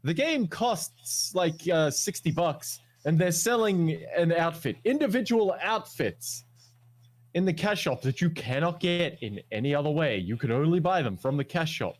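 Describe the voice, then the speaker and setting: Aussie guy ranting about games, high voice, swears a lot. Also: lively intonation, normal speed. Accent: Australian. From Australia. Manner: ranting, profane, mocking quotes. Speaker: podcast co-host. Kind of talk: casual gaming chat.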